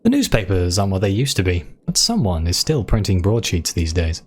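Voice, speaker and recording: A man's voice: low voice, big pitch swings, fairly quick, husky. A man casually commenting on a game playthrough, reading its text aloud off the cuff. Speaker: gaming video host.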